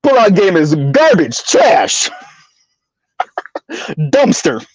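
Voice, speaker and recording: A man's voice: sits high, wildly swooping pitch, drawn-out words, slightly rough, no echo. A man hosting a casual livestream, chatting with viewers, laughing often and stumbling over repeated words. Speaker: livestream host. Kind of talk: casual livestream commentary reading chat. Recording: dull lo-fi dry sound.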